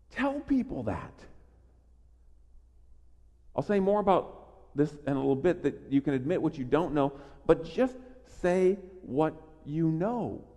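A man preaching a sermon in an emphatic, animated way, often restarting his phrases. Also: fairly high pitch, in a large hall. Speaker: pastor.

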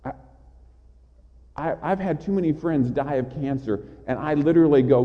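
A man's voice: a little high, moderate pace, pauses often. A man preaching a sermon with passion, often stammering over his words as he builds up. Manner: impassioned, with repeated stammered restarts. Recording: dull sound in a large reverberant hall.

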